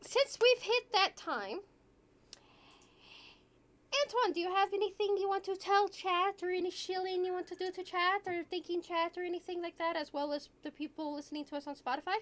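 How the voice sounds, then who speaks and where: A woman with a high voice leads a casual streamed podcast. She talks earnestly and asks her guests questions. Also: fairly even intonation, normal speed, a bit bright. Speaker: podcast host. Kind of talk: casual chat.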